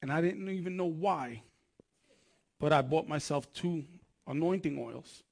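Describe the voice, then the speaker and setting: A man's voice: fairly high pitch, measured pace, creaky. A man preaching a sermon, telling his testimony in an earnest, conversational way and often restarting his sentences.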